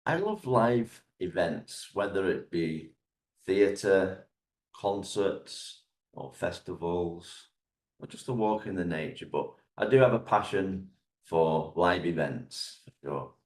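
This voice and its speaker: A man who teaches English exams, guesting on a podcast and explaining things in a measured, step-by-step way. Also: deep voice, animated, echoey room. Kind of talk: interview answers, explanatory.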